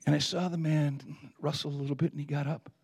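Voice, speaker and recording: Guy preaching, pretty high voice, chatty storytelling that builds up, dry close sound. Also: little pitch movement, quick pace, vocal fry, a little mellow, breathy edge, no room sound. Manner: conversational storytelling that rises to emphatic peaks. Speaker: pastor. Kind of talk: sermon storytelling.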